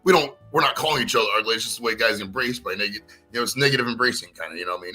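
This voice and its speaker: Guy ranting crude and animated, talks fast, bright sharp voice. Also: mid-range voice, slightly rough, soft background music. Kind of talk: casual chat over whisky.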